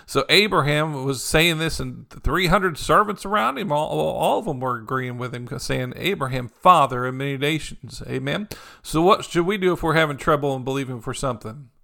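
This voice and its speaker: Gravelly pastor preaching with frequent amens. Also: male voice, a little high, animated, moderate pace, sharp tone. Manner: conversational preaching with frequent "amen" and "you know"; repetitive, encouraging cadence. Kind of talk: sermon.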